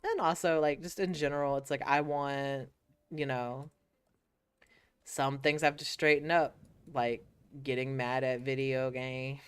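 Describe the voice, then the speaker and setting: A woman's voice: a bass voice, steady tone, a little slow, clear, resonant tone, no echo. A woman streamer from the United States in casual chat, laid-back and swearing freely, acting out quoted lines.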